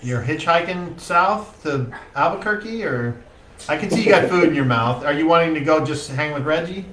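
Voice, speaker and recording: A man's voice: on the high side, normal speed, a bit bright. A man running a tabletop game as game master, talking casually with swearing and frequent fillers. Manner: casual, profane, rambling with fillers. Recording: roomy distant mic, faint ambience.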